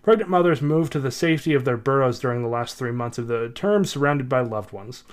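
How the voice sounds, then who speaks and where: Man, podcast co-host, casual comedy chat, stumbling reader, giggly, mid-pitched voice. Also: animated. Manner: reads haltingly, stumbles and giggles mid-sentence. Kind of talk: casual comedy chat, reading excerpts aloud.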